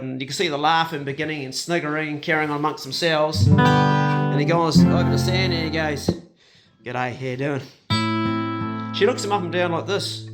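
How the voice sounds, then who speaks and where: An Australian man telling a tall story in a relaxed, rambling, colloquial manner, with a slightly high-pitched voice. Plucked guitar music plays loudly behind him. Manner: laid-back, rambling, colloquial. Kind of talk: casual spoken yarn.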